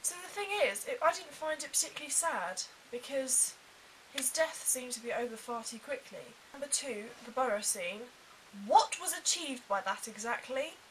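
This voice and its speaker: A young woman chatting casually to camera, animated and full of quick asides. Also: fairly high pitch, recorded from a distance. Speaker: vlogger. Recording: faint hiss.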